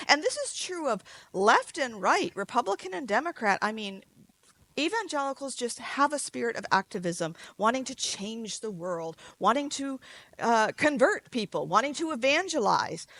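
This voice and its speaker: A woman's voice: on the high side, a bit bright, low-quality recording. A woman giving a conversational public lecture, explaining step by step with light asides, restarts and fillers.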